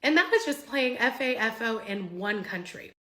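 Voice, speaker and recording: A woman's voice: on the high side, animated, moderate pace, bright, forceful tone, low-quality recording. A woman speaking frankly and emphatically as a farmer about her losses.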